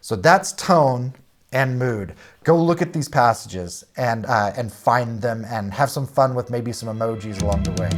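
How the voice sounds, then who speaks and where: A man's voice: medium pitch, unhurried, faint music behind. Plain-spoken man teaching a Bible lesson. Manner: plain-spoken, with frequent "uh" and restarts; explains with lists of example words.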